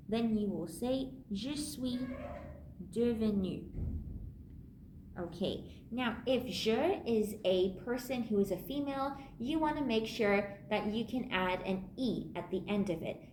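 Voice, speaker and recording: A woman's voice: mid-range voice, a little mellow, slight background noise. Woman teaching French in an echoey room. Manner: patient, repeats key points, slows to sound out French words. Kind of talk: online language lesson.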